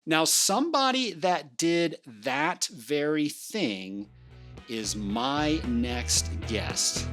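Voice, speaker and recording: A woman's voice: sits low, animated, drawn-out words, fairly bright tone, faint music behind. A woman hosting a podcast interview, upbeat and playful, with big swings in her voice. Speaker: podcast host.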